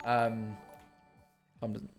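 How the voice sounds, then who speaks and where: A man's voice: fairly low pitch, completely flat delivery, very slow, gravelly, music in the background. A young British man chatting casually on a live stream while gaming, rambling and ranting with self-deprecating humour. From Britain. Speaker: livestreamer.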